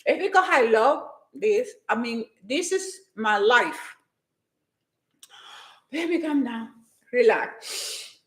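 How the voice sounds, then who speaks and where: A woman's voice: a little high, big pitch swings, slow, long pauses, reverberant. A woman giving a hyper, emphatic motivational talk to her live-stream viewers, repeating her points with force.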